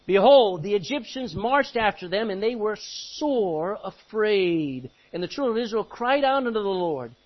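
Man, preaching, scripture reading with loud outbursts, husky, dull recording. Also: sits high, lively intonation, normal speed, few pauses. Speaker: pastor. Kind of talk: sermon. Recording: muffled lo-fi recording.

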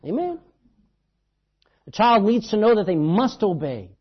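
An emphatic male preacher whose voice leaps and drops constantly as he drives his points home. He tells stories and lurches from loud outbursts to hushed asides. The sound is husky and comes through a dull, muffled recording. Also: sits high, very animated, measured pace. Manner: emphatic, storytelling, swings between loud and hushed. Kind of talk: sermon.

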